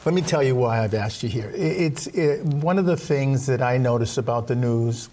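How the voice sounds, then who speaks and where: A man's voice: medium pitch, normal speed, warm tone, slight background noise. A man hosting an interview, chatty and rambling, often repeating words. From Boston, Roslindale. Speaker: host. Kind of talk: casual interview chat.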